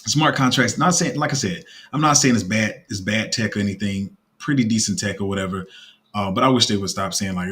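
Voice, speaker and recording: A man giving casual commentary as a crypto YouTuber, rambling with lots of fillers and restarts, his throat a bit rough. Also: fairly low pitch, brisk, fairly bright tone.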